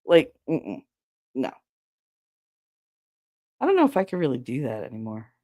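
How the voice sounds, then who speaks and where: A woman hosting a podcast and chatting casually. She tells stories in a low voice, swears freely and slips into the voices of people she quotes. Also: wildly swooping pitch, unhurried, mellow. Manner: candid and profane, acts out quoted lines. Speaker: podcast host. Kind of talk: casual storytelling chat.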